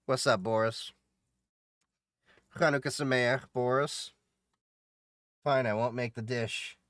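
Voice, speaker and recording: A man with a mid-range, fairly bright voice speaks slowly and with fairly even intonation while streaming a game live. He jokes around, chats with viewers, answers them, and laughs often, in clean, echo-free studio sound.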